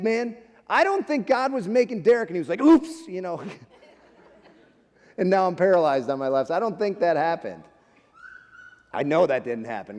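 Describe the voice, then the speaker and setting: A man's voice: high voice, darkish tone. A male guest speaker giving an emotional, conversational sermon in a church, often calling the listeners "friends" and "man". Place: church sanctuary. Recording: long reverb of a large hall.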